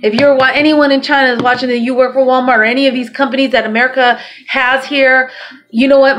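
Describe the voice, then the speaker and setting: This vlogger speaks fast in a high, steady, slightly bright voice, rambling and swearing freely as she chats to her camera. The sound is lo-fi, with music in the background.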